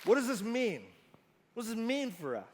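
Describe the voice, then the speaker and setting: Male pastor, sermon, high voice, slow and emphatic, reverberant hall sound. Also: very animated, slight background noise. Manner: earnest, emphatic, slows down on key phrases.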